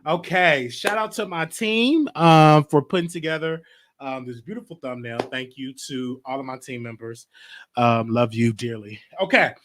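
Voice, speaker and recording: A man with a Southern US accent hosting a casual gossip show, out of breath and chatty, with sudden loud bursts. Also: medium pitch, moderate pace, slight background noise. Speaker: show host.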